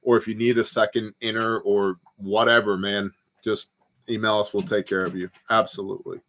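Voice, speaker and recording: Sitting on his home porch, this man hosts a prepper livestream, speaking at normal speed in a lowish, slightly bright voice with a flat delivery. He reads out viewer comments and wanders through relaxed stories full of fillers.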